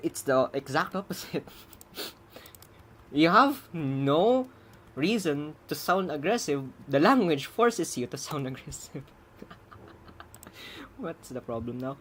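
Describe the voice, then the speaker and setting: The programmer, streaming their own live coding, speaks in an animated medium-pitched voice that is a little slow, with long pauses. They ramble, chuckle and mutter while debugging over keyboard typing, and there is a little hiss or hum.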